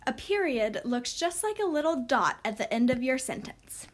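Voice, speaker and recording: A woman teaching a recorded lesson, speaking slowly and clearly for young children. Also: high voice, big pitch swings.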